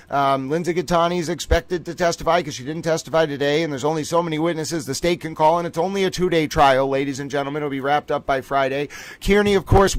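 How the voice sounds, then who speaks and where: A man hosting a livestream, giving animated, theatrical commentary on court trials and talking straight to his viewers. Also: a little high, dry recording. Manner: animated, theatrical, keeps saying "ladies and gentlemen".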